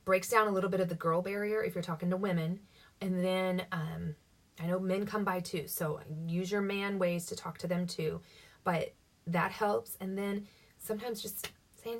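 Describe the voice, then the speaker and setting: Husky-voiced woman giving chatty sales tips. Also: fairly low pitch, fairly even intonation, moderate pace. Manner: chatty, upbeat, acts out sample dialogue. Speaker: direct-sales team leader coaching her team. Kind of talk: casual instructional talk. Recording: voice somewhat distant from the mic.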